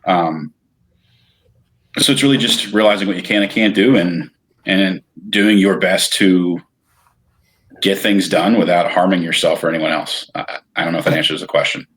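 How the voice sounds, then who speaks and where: A man with a notably low voice talks through his experiences as a podcast guest. He speaks candidly and loosely, trailing off and restarting his sentences as he thinks aloud. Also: normal speed, a bit bright. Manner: candid, rambling, with frequent restarts. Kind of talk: casual interview chat.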